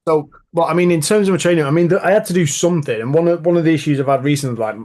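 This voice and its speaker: A man's voice: a little high, racing, a little mellow. A man hosting a podcast, telling rambling stories in a casual chatty way. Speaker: podcast host.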